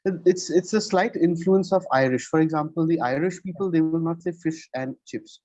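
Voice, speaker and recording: An English tutor gives a one-on-one lesson over a video call, explaining patiently and asking "right?" after nearly every point. His voice is a little high and darkish in tone, at normal speed. The recording is muffled, with no room sound.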